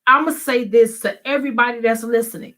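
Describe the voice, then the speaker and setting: A woman's voice: fairly high pitch, steady tone, a little fast, pushed and bright. A pastor's wife sharing her experience candidly, speaking earnestly and directly to listeners. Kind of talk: candid conversational testimony.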